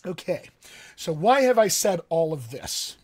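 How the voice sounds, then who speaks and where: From his home studio desk, a male dialect coach streams a relaxed voice lesson, addressing viewers directly and saying "um" often. He speaks unhurriedly in a high, slightly mellow voice with big pitch swings.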